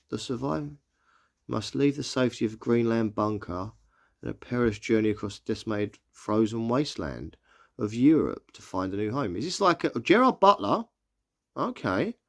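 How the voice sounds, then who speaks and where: Lively chatty man. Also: medium pitch. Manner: chatty, reads out listings haltingly and reacts. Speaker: movie vlogger. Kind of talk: casual reaction commentary.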